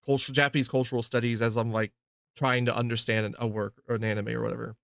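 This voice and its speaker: A man's voice: mid-range voice, level tone, fast talker, creaky, a bit bright, smooth, dry recording, studio quality. Laid-back man hosting a podcast. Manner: laid-back, filler-heavy, swears casually. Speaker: podcast host. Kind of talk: casual chat.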